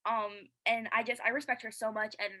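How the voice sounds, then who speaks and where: A woman chatting as an interview guest, her tone bright and forward, her pitch sitting a little high. She talks eagerly and earnestly, with plenty of fillers. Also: level tone, a little fast, rough recording. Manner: earnest and heartfelt. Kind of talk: casual interview chat.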